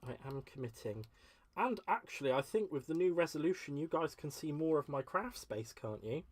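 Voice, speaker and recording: A man's voice: on the high side, lively intonation, normal speed. A man hosting a crafting livestream from his home craft space, chatting casually and gushing as he answers viewer comments. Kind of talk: casual live-stream chat while crafting.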